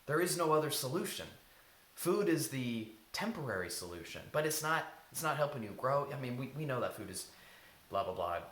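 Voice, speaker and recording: A man's voice: mid-range voice, very animated, fairly quick, a bit bright. A man giving casual, earnest self-help advice, informal and now and then swearing. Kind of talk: casual advice talk to camera. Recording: echoey room, faint hiss.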